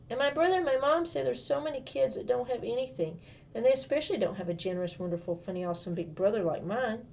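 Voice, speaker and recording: A woman's voice: a little high, fast talker, gravelly, a little mellow, a little hiss or hum. A woman reading a first-person storybook as a young girl, in a bubbly, gushing manner full of childlike enthusiasm.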